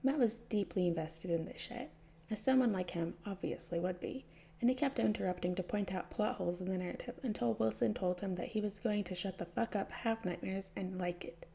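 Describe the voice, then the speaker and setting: A woman narrating a fanfiction audiobook with a dry, wry delivery. Her voice is mellow and dark-toned, with a steady gravelly fry at the edges of her phrases, pitched in a mid range. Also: a little fast. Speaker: podfic reader.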